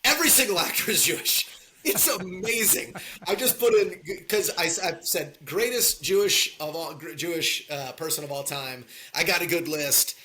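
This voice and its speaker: A man co-hosting a casual podcast chat, talking in animated bursts and repeating lines for emphasis. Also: on the high side, normal speed, a little hiss or hum. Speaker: podcast co-host.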